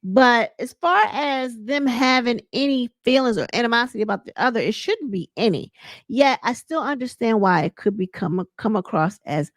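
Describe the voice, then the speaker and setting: A woman casually recapping a reality show, chatty and animated, retelling scenes with laughs and dramatic asides. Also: mid-range voice, no room sound, studio quality.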